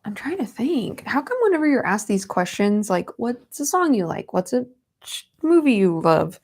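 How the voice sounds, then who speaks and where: A woman's voice: mid-range voice, big pitch swings, moderate pace. A young woman in her twenties hosting a casual livestream from home, chatting with viewers and reading their comments. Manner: chatty, giggly, coos softly at her cat. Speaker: livestream host.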